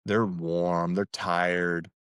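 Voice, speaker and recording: A man's voice: low voice, little pitch movement, drawn-out words, fairly bright tone, smooth, no room sound, clean studio sound. A man hosting a dating-advice podcast, talking in a casual coaching tone, asking "right?" again and again and hyping up his listeners. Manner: hypes listeners, asks "right?" constantly; acts out sample lines in a livelier voice.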